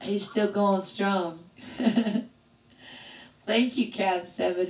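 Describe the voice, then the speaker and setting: Woman, middle-aged, livestream host, casual storytelling, animated, roomy sound, distant mic. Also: medium pitch, slow. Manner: animated storyteller acting out quoted voices, laughing often. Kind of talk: casual storytelling to live chat.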